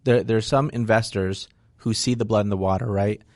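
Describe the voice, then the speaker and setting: Low voiced guy, frank investor talking shop, keeps saying right?, dry sound. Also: steady tone, fairly quick, a little mellow, dry recording. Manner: frank, explanatory, peppered with "right?". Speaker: real estate investor guest. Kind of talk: casual interview talk.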